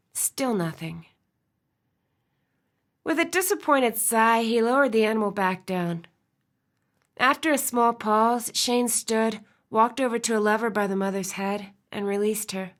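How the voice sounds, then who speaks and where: Expressive woman audiobook narrator, storytelling voice, soft in tender moments. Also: medium pitch. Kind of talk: scripted narration.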